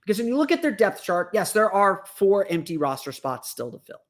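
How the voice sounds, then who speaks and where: Casting: male podcast host, higher-pitched voice, off-the-cuff analysis full of restarts. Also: sing-song, a little fast. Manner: thinking aloud, many restarts and fillers.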